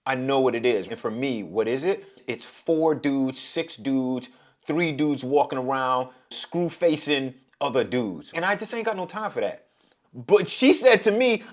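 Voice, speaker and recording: A middle-aged man from Brooklyn with a New York accent, talking in a reflective, passionate monologue and getting louder as he drives his point home. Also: animated, normal speed. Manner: passionate, rises in pitch and loudness when making a point. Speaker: podcast host.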